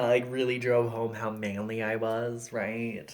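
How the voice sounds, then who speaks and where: A young man with a high voice, often taken for a woman, doing a self-mocking stand-up set at home over a laptop video call, full of likes and you-knows. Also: little pitch movement, measured pace. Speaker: stand-up comedian.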